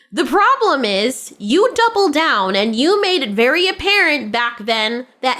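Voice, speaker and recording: A woman with a high voice delivers opinionated commentary in a blunt, sarcastic way. She laughs often as she talks. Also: sing-song, slow, fairly bright tone. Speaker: commentary host.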